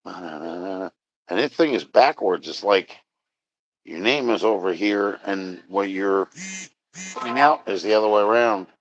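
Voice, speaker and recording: A man's voice: low-pitched, unhurried, no echo. A man chatting casually on a live stream, rambling, joking and answering chat. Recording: dry, dull lo-fi sound.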